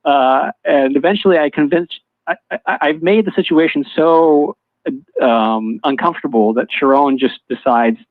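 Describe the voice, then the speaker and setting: A man telling a personal story as a guest in casual chat, halting, with many fillers and restarts. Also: a little high, dry recording. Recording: dull lo-fi online audio stream.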